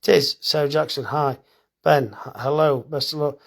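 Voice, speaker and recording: A man's voice: on the high side, fairly even intonation, normal speed, creaky. A middle-aged man, a farmer and butcher, chatting casually and bluntly on a phone live stream, reading out comments and swearing now and then.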